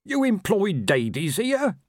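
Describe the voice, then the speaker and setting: A man voicing a patient, slow-spoken male zombie constable with a measured manner. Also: a little high, very animated, no room sound, clean studio sound, voice pushed up, exaggerated voice. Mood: puzzled.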